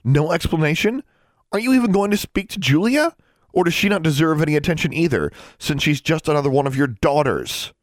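A man's voice: sits low, sing-song, moderate pace, dry recording, studio quality. A man voicing a defiant, sullen teenage witch girl who snaps and demands answers. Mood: demanding. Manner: snapping, indignant, demanding.

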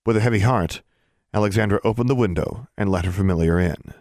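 Male audiobook narrator, low voice, dry close sound, steady and even. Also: fast, no echo.

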